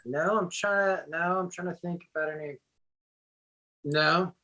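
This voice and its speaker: A man's voice: sits high, a little slow, pushed and bright. A man guest musician chatting casually in an interview, rambling with lots of restarts and fillers.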